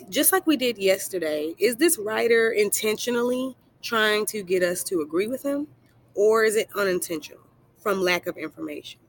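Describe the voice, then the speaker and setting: A woman teacher records a screen-share lesson, pitched at a middle height. She poses questions and answers them herself as she steps through the task. Her tone with the students is encouraging and affectionate. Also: fairly bright tone, a little hiss or hum.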